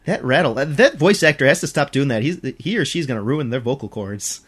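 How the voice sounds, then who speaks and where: A podcast co-host in casual chat, ranting in an animated, exasperated way and laughing as they talk. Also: brisk, husky. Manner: animated, exasperated ranting with big pitch swings; laughs while talking.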